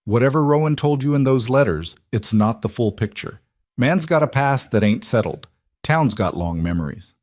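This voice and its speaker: A man's voice: mid-range voice, lively intonation, moderate pace, darkish tone, no room sound, clean studio sound, voice pushed up, lightly acted. A man voicing a thin, cautious store clerk who speaks in a warning tone. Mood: wary.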